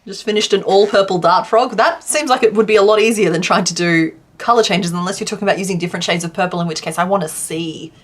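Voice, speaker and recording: Speaking fast with few pauses at a medium pitch, a young adult woman crochets during a live stream and reads her chat aloud. She has a southwest Western Australian accent and keeps things casual and self-deprecating, laughing a lot.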